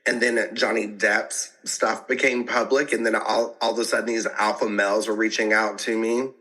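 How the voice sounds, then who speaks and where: Guy on a podcast, lowish voice but bright, animated, laughs a lot, restarts sentences. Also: moderate pace, poor audio. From American South. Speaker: podcast guest. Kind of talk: casual podcast interview.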